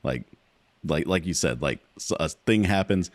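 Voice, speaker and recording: A man co-hosting a podcast in casual chat, speaking in a measured, reflective way. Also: low voice, expressive, dry recording. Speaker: podcast co-host.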